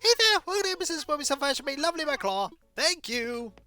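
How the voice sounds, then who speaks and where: A man voicing a cheerful young female hedgehog shopkeeper in a video game, reading her lines in a gushing, rapid sing-song. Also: very high voice, very animated, bright, forceful tone, soft background music, voice pushed up, full character voice. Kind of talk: reading game dialogue aloud in character.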